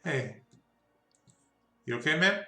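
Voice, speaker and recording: A man's voice: a little high, expressive, takes it slowly, bright, forceful tone, reverberant. A man narrating a tabletop game as game master, chatty, laughing easily and stumbling over names.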